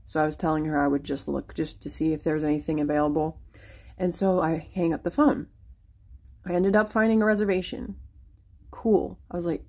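Husky, low-voiced woman recalling a spooky call. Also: fairly even intonation, a little mellow. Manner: halting, repeats words. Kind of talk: casual spoken storytelling.

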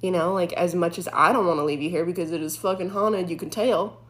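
Animated young woman telling a creepy story. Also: on the low side, fairly quick. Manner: animated, heavy use of "like" fillers. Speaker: former EMT telling a true story. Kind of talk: casual spoken storytelling.

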